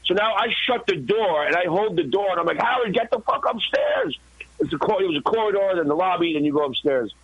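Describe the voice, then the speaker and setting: A man, a guest and former radio intern, telling an animated, profane story in a podcast interview. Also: high-pitched, fast, hardly any pauses, no echo, dull audio. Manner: profane, excited, acts out his own shouts.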